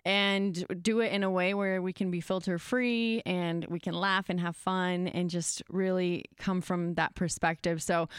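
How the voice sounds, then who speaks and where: A woman's voice: fairly low pitch, clear, resonant tone, no room sound, clean studio sound. A woman hosting a podcast, chatting openly and candidly into a microphone, telling stories with many fillers. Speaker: podcast host. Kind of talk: casual candid chat.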